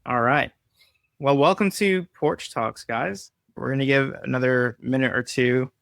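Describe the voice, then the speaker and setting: A man co-hosting a casual live-streamed talk, easygoing and rambling, with a relaxed joking manner. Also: medium pitch, measured pace, vocal fry, no room sound, clean studio sound. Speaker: podcast co-host.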